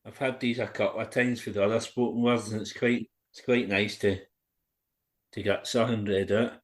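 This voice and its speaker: A man's voice: fairly low pitch, fairly even intonation, normal speed. A man hosting a podcast, chatting casually with his guest and reacting with short, easygoing questions. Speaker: podcast host. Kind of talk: casual interview chat.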